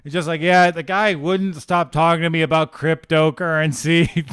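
High, smooth-voiced ranting podcast host man. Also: little pitch movement, normal speed, a bit bright, no echo, studio quality. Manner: emphatic, exasperated, profane. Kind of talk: comedic ranting podcast chat.

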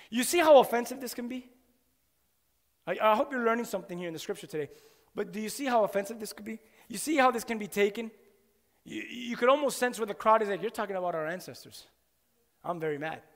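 A man preaching a sermon in an animated way, firing rhetorical questions at his listeners. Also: high voice, quick pace. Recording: long hall reverb.

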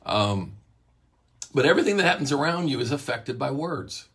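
Very husky man teaching scripture. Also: medium pitch, expressive, normal speed, fairly bright tone. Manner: earnest, repeats phrases and restarts. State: morning voice, coughing. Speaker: Bible teacher. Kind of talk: sermon-style Bible teaching talk.

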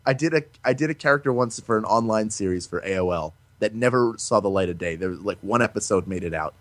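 Lively man telling stories, lowish voice. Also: quick pace, dry recording. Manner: animated storyteller, breaks into playful voices. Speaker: voice actor guest. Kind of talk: casual interview chat.

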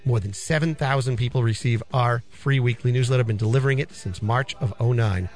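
A middle-aged man hosting a radio finance show, chatty and animated, repeating phrases for emphasis. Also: medium pitch, brisk, faint music behind. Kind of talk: casual radio talk. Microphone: studio microphone.

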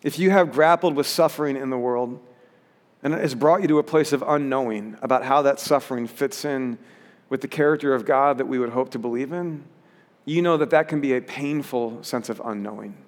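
A man's voice: medium pitch, brisk, long reverb tail. A pastor preaching a sermon in an earnest way, rising to emphatic peaks as he reads scripture.

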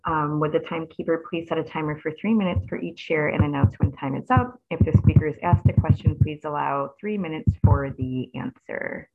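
A man's voice: on the high side, brisk, few pauses, narrow, tinny audio, faint music behind. A man chairing an online support meeting, thanking a speaker and reading the sharing guidelines.

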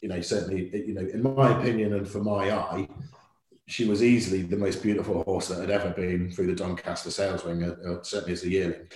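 A middle-aged man, a guest telling an animated story in a podcast interview and acting out quoted shouts. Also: low-pitched, fast. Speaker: racehorse owner, guest. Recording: echoey room.

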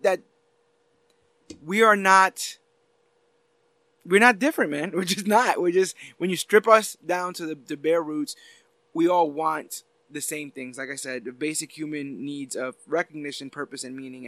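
A man's voice: fairly high pitch, a bit bright, no echo. A man co-hosting a casual podcast, talking earnestly and explaining at length, often restarting his sentences. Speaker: podcast co-host.

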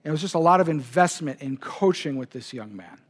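Higher-voiced pastor telling a story. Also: male voice, expressive, brisk. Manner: personal, emotional anecdote told to a congregation. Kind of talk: sermon storytelling.

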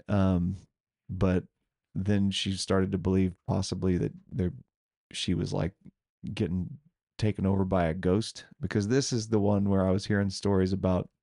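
A man's voice: sits low, vocal fry, dark tone, no room sound, studio quality. A man co-hosting a podcast, telling a ghost story in a loose, rambling way and laughing often. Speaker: podcast co-host.

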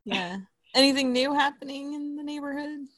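A woman's voice: sits high, normal speed, fairly bright tone. A young woman from southern California, co-hosting a casual chat who tells stories and laughs often.

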